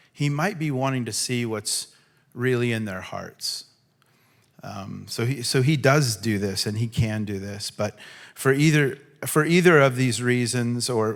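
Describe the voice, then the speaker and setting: A male preacher delivering a sermon at an unhurried, deliberate pace. His talk is relaxed and conversational, with mid-range pitch, and he bursts into loud, high voices when acting out what people in the story say. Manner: conversational, acts out quotes with sudden high shouts. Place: church hall.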